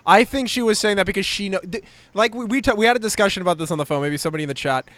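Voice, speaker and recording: High-voiced young guy, dry close sound. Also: racing, dry recording. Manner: excitable, swears a lot, says "dude" often. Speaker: podcast co-host. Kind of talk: casual comedic banter.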